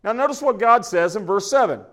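Pastor, man with a high voice, folksy sermon delivery with frequent restarts. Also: expressive, a little fast, fairly bright tone. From Oklahoma. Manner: folksy, conversational preaching with repeated restarts.

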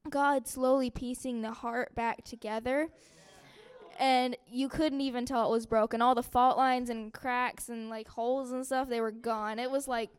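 Young woman, smooth clear voice, soft and hesitant, sharing a testimony. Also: on the high side, fairly even intonation. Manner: soft, halting, many fillers and sighs. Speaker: church member giving testimony. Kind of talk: personal testimony to a group.

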